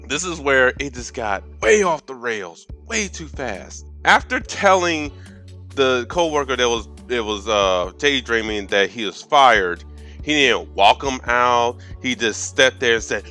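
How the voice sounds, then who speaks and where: Man in his thirties, sarcastic movie rant, bright forceful tone, soft music underneath. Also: medium pitch. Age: 30s. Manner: profane, sarcastic, stumbling restarts. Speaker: movie reviewer. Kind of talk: casual rant.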